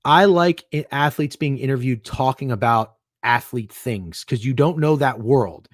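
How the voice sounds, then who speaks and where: Animated, ranting podcast co-host man. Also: a little high, normal speed, hardly any pauses, no room sound, clean studio sound. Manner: profane, ranting, exasperated. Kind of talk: casual sports chat.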